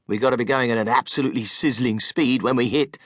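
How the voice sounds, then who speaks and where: A man voicing an eccentric grown male candy maker who is brisk, unflappable and emphatic, read for a storybook. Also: mid-range voice, steady tone, no echo, clean studio sound, natural voice. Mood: insistent. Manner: emphatic, commanding, matter-of-fact.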